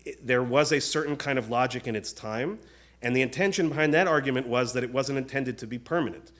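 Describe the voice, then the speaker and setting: A rabbi delivering an earnest, measured sermon in a synagogue, often turning questions to the congregation. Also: male voice, medium pitch, fairly bright tone. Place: synagogue sanctuary.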